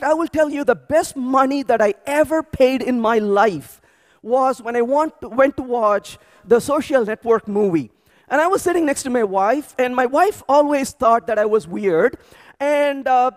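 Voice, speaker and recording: A man speaking at a programming conference, telling animated stories with frequent restarts and repeated words. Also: very high-pitched. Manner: animated storytelling with many restarts. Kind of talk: energetic tech conference talk. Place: large conference hall.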